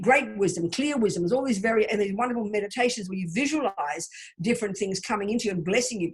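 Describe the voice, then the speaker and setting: Over a video call, a woman with a medium-pitched, slightly rough voice teaches a Buddhist study group about mantras. She explains warmly and leads recitation, chanting syllables for listeners to repeat back.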